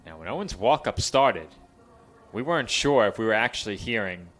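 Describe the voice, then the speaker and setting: A man calling play-by-play for a college baseball game, chatty between pitches and lifting his voice for the action. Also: lively intonation, moderate pace, fairly bright tone. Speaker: play-by-play announcer.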